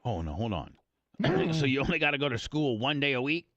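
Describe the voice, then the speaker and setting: A man's voice: medium pitch, big pitch swings, a little fast, a bit bright, no echo, highs cut off. A man hosting a radio after-show, chatting casually, swearing freely and cutting in with questions. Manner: profane, interrupts often with "hold on".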